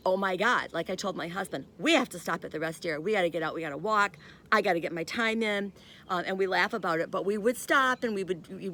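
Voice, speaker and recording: A woman's voice: lowish voice, bright, forceful tone. Chatty older woman giving a lecture. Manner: chatty, rambling with personal asides. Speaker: instructor. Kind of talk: recorded lecture.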